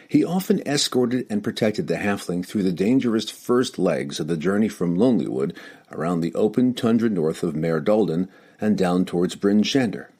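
A man narrating a fantasy audiobook with an expressive storytelling delivery. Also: fairly low pitch, breathy edge.

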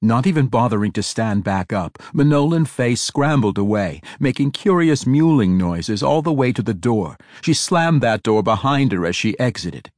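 A man narrating a fantasy audiobook with a dramatic, expressive reading. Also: medium pitch, moderate pace, few pauses, dry recording, clean studio sound.

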